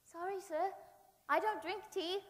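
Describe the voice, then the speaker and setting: An eager, earnest young boy, as a woman puts him on, high and keen. He answers with spirit. A long hall reverb surrounds him. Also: fairly even intonation, measured pace.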